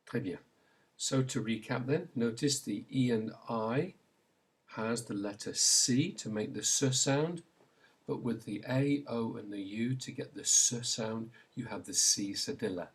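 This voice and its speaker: A man's voice: lowish voice, unhurried, husky. A man teaching a pronunciation lesson, patiently modelling sounds and prompting learners to repeat after him. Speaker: language teacher. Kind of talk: slow instructional pronunciation lesson.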